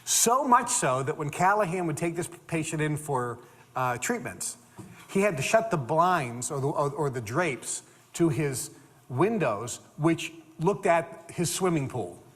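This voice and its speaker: An older man giving an animated storytelling talk as a motivational speaker, repeating words and acting out the people in his stories. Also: fairly high pitch, measured pace. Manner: animated, repeats words, acts out quoted dialogue. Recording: long reverb of a hall.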